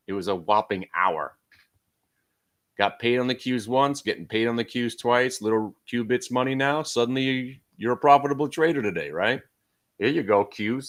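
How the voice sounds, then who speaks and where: Brash, excitable male trading host. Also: medium pitch. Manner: brash, joking, excitable swings in loudness. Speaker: day trading stream host. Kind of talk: live trading commentary.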